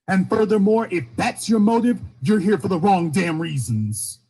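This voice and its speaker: Husky, animated Southern-born man preaching. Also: sits high, normal speed. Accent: faint Southern US. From Shreveport, Louisiana, US. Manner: rhetorical, repeating questions, rising and falling emphasis. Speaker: commentator. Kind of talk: impassioned streamed monologue.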